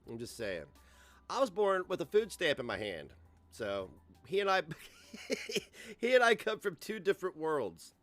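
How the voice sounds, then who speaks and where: A man's voice: on the low side, fairly bright tone. Rambling, profane man ranting on a stream. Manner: rambling, profane, self-mocking. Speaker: livestream host. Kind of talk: casual livestream rant.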